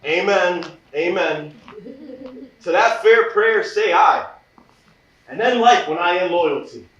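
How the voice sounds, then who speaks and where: Guy acting a hotheaded young lover, high bright voice, stagey verse, echoey from far off. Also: expressive, takes it slowly, dull audio, heavily acted. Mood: ardent. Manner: declaiming verse to be heard across a stage. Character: young male lover, ardent and impulsive. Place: theater stage.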